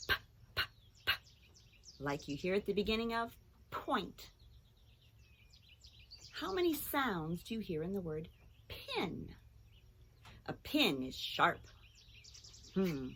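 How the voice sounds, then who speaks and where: A woman teacher giving a children's phonics lesson, speaking clearly and encouragingly and breaking into song with the kids. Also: medium pitch, big pitch swings, slow pace, pauses often, slight background noise.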